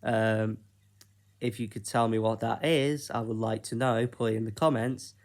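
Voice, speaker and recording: A man from Britain talking through his own ideas in a casual solo vlog, unhurried and hesitant, with plenty of ums and pauses. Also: on the low side, fairly even intonation. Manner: unhurried, hesitant, with frequent fillers. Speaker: YouTuber.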